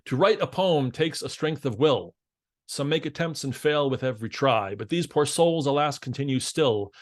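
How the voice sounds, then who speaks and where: Brief: man, mid-pitched, sardonic deadpan comic essayist. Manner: dry, sardonic, deadpan list delivery. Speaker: comedic presenter. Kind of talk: deadpan comedic essay reading.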